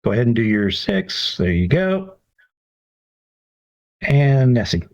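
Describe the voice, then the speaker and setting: Lively-voiced male game master. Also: lowish voice, slow. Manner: relaxed, encouraging, chuckles at players. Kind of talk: running a tabletop game. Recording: dull lo-fi recording.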